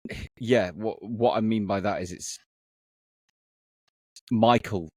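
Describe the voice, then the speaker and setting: A British man with a somewhat low voice talks in a loose podcast chat. He is blunt and sweary and often restarts his sentences. The recording is dry with no room sound. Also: slow pace, a little mellow, slightly rough, dry recording. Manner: blunt, sweary, self-correcting. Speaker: podcast co-host. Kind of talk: casual chat.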